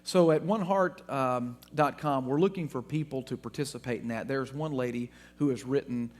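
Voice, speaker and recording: A man from Texas, a guest speaker, telling funny anecdotes to an audience in an animated way. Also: mid-range voice, normal speed. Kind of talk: storytelling talk to an audience.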